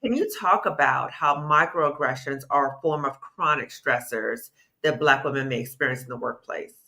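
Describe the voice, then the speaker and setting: Bright-toned woman interview host. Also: extremely low pitch. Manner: affirming, asks measured questions.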